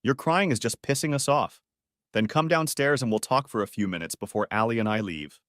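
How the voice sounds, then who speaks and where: A man voicing a betrayed husband who speaks calmly but caustically to his unfaithful wife. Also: medium pitch, fairly quick, no room sound, clean studio sound, close to an everyday voice. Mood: stern. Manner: calm but cutting, caustic. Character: betrayed, coldly angry husband.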